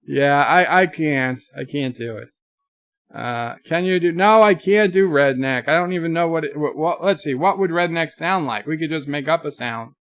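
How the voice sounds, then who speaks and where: A man's voice: a little high, normal speed, fairly bright tone, dry recording. A man hosting a casual livestream, rambling and joking while reading chat messages aloud. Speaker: livestream host.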